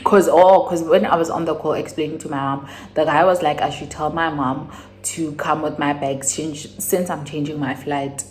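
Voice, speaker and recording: A young South African woman with a South African accent, casually retelling a personal story in a rambling, animated way, jumping to sudden high exclamations. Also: normal speed, slight background noise. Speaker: YouTuber.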